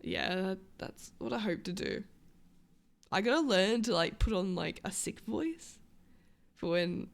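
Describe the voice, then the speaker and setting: A woman's voice: mid-range voice, animated, a little slow, vocal fry. A woman chatting casually with her stream viewers, rambling, swearing and losing her train of thought.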